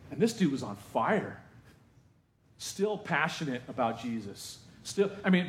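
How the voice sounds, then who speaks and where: A male pastor preaching a sermon to his congregation in a lively, conversational way, with asides to the room. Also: fairly high pitch, unhurried, echoey room, a little hiss or hum. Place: church sanctuary.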